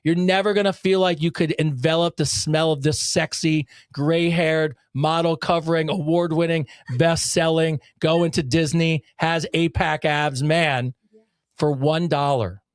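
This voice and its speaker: A man with a notably high voice hosts a casual podcast, rambling excitedly and swearing freely. He often breaks into laughter between thoughts. The recording is dry and close, with no room sound. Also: a little slow, few pauses, dry recording. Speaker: podcast co-host.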